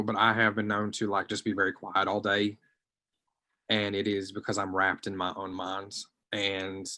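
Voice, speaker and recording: A man with a somewhat low voice gives personal testimony in an online group discussion. He speaks hesitantly and reflectively, and his sentences often trail off into quiet.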